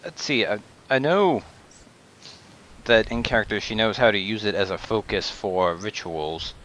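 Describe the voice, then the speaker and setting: A man's voice: fairly low pitch, unhurried, fairly bright tone, lo-fi sound. A man playing in a tabletop role-playing game, switching between speaking in character and describing his character's actions. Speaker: player. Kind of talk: casual tabletop role-play.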